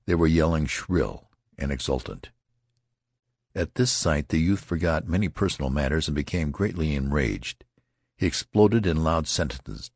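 A man reading a classic novel aloud as an audiobook narrator, in measured, even storytelling. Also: rumbling low, breathy edge, no room sound, studio quality.

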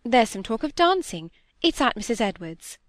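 A fussy, self-absorbed middle-aged stepmother, put on by a woman reading a novel aloud, chattering in a lifted, brighter voice. She sounds sharp and dismissive, as if nothing anyone says could change her mind. The sound is dry and close. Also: fairly high pitch, very animated, moderate pace, no room sound.

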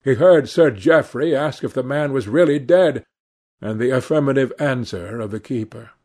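A man reading a classic novel aloud as narrator, with a measured, deliberate delivery. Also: medium pitch, a little mellow. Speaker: audiobook narrator. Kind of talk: scripted literary narration.

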